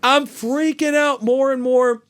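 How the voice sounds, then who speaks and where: A young adult man, a podcast guest, telling a long story in casual, profane and animated fashion. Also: extremely high pitch, a little slow, smooth.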